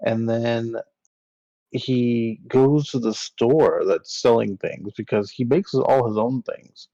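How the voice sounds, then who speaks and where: Laid-back gravelly man swearing casually. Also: mid-range voice, takes it slowly, mellow, no room sound, muffled recording. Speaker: podcast co-host. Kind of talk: casual movie review chat.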